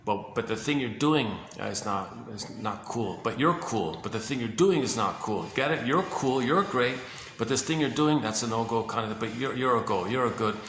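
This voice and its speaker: A man giving a casual, halting explanation on psychology, often searching for words and repeating himself. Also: medium pitch, expressive, a bit bright. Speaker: speaker on psychology. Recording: echoey room with faint ambience.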